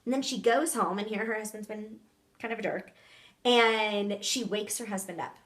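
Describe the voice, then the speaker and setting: A woman co-hosting a casual faith conversation, affirming and encouraging, speaking softly when she tells a story. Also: mid-range voice, moderate pace.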